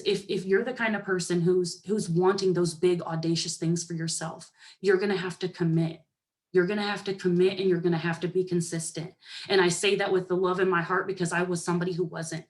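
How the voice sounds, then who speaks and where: A young woman giving a lively pep talk to her team, sassy and animated, often acting out other people's voices. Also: fairly low pitch, fairly quick. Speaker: motivational speaker to a sales team.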